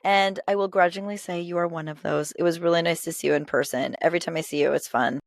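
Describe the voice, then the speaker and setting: A woman's voice: lowish voice, fairly even intonation, quick pace, no echo. A young adult woman co-hosting a podcast, chatting casually in a dry, blunt and teasing way. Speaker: podcast co-host. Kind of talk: casual chat. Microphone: sharing one microphone.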